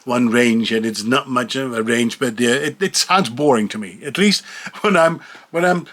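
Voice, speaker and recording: A man's voice: mid-range voice, moderate pace, a bit bright. A middle-aged man from the Netherlands with a neutral English accent and a faint European twang, talking in a chatty, self-reflective vlog monologue. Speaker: voice actor.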